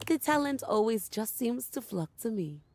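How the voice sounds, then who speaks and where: A woman's voice: fairly high pitch, very animated, moderate pace, a little mellow, a little hiss or hum. An actress playing a haughty, refined keyboard woman with a condescending, polished way of speaking. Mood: aloof.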